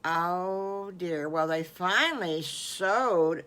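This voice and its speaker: A woman's voice: lowish voice, extremely slow, a bit bright. Older female storyteller, folksy and homespun, telling an improvised bedtime story.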